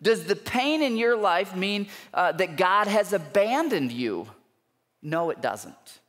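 A man preaching a sermon as a pastor, earnest and emphatic, building intensity with pauses for weight. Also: high voice, sing-song, a bit bright. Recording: long church hall reverb.

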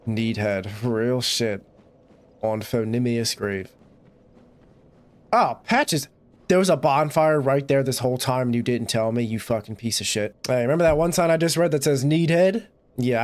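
A young man giving gameplay commentary, swearing and bursting into frustrated shouts. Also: medium pitch. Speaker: gaming YouTuber.

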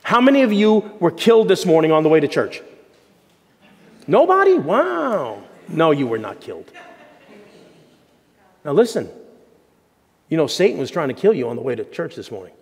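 A man preaching a sermon as pastor, animated and jokey, with sudden shouts and hushed asides. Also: a little high, fast talker, few pauses, in a large hall. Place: church sanctuary.

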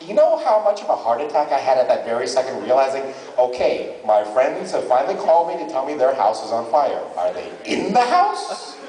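Animated comedian in a big hall. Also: male voice, mid-range voice, fairly quick, few pauses. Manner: animated, jumps into character voices. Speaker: stand-up comedian. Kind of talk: live comic storytelling. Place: large convention hall. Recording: echoey hall from far off.

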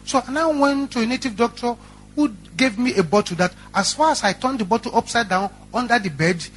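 A panicked older father, acted by a man, blurts out his confession in a high, strained voice. His speech comes in short, breathless exclamations. The sound is a touch distant. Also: a little fast, fairly bright tone. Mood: confessing.

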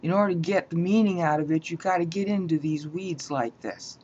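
A woman's voice: on the low side, fairly quick, darkish tone, slight background noise. A woman teaching a Bible lesson, explaining grammar point by point and often checking in with "all right?". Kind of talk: slow explanatory lecture. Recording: dull lo-fi sound.

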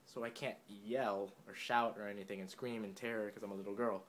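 A man's voice: on the low side, fairly even intonation, a little hiss or hum. Giddy young man vlogging at home. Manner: chatty, giddy, jokey, quick asides. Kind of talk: casual chat to camera. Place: home room, indoors.

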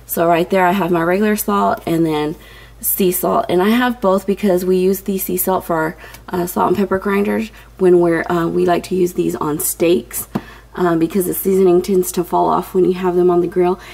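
Young woman vlogger, slightly breathless, low-ish voice, chatty and filler-heavy. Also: fairly even intonation, normal speed, gravelly, a little mellow, slight background noise. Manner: chatty, many ums, addresses viewers as you guys. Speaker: home organization vlogger. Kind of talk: casual tutorial narration.

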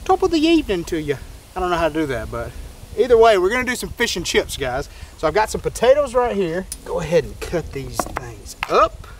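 A man hosting an outdoor fishing and cooking vlog near a pier, talking in an excitable, joking, folksy way. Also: high voice, brisk, slight background noise. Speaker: fishing vlogger, host.

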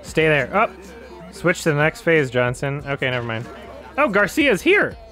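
A man streaming a co-op game in casual chat, excitable, swearing and yelping when hit. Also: fairly high pitch, moderate pace, soft background music. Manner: excitable, swears often, yelps at hits.

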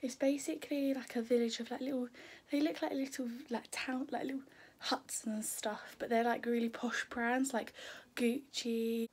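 Teenage English girl, casual vlog chatter, slightly high, filler-heavy. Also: steady tone, normal speed, darkish tone, slightly rough, rough recording. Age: teens. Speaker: vlogger. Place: at home in front of a mirror.

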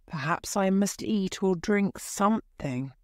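A woman's voice: mid-range voice, animated, slow pace, darkish tone, no room sound, studio quality. A woman voicing a polite, curious young girl in a storybook reading, speaking in a wondering, courteous manner. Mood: thoughtful.

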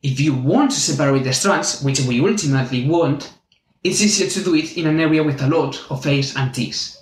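A man with a Spanish accent giving a clear, methodical university biology lesson as the channel's teacher. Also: fairly high pitch, fairly quick. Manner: clear, methodical, friendly explaining. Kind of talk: university lecture explaining with drawings. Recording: echoey room.

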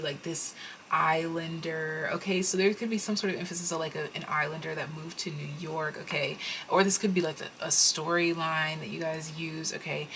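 A low-pitched woman talks through a tarot reading in a loose, rambling way, full of fillers and restarts. She addresses her viewers directly. A faint hiss sits under her voice. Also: a bit bright, poor audio. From United States. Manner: rambling, thinks aloud with many fillers. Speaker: tarot reader.

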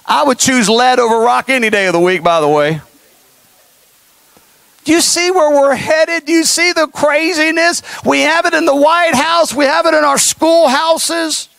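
A man's voice: very high-pitched, lively intonation, moderate pace, gravelly, fairly bright tone, dry recording. A male pastor preaching a sermon, impassioned and folksy, with mocking asides.

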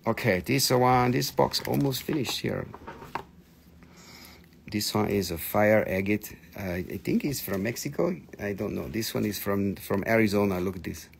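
Gravelly, excitable male live-sale host. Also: lowish voice, moderate pace, a little hiss or hum. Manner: excitable, gushing, jokey, chatting to viewers. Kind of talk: live selling stream chat.

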